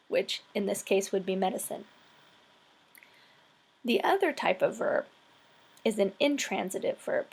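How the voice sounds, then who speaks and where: In a screen-recorded tutorial, a woman with a medium-pitched voice teaches English vocabulary and grammar, explaining each step patiently.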